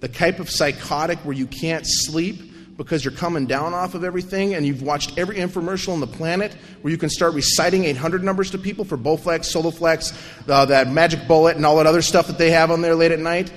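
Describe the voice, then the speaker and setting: Man, high voice, recovery meeting speaker, animated self-mocking storytelling, long hall reverb. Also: brisk. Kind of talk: personal recovery story told to an audience.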